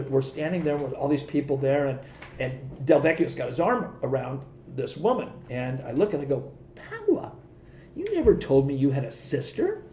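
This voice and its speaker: A middle-aged man telling stories on a podcast in a casual, animated way, laughing often and acting out the voices of the people he quotes. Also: mid-range voice, echoey room, a little hiss or hum. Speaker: podcast guest. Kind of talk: casual storytelling.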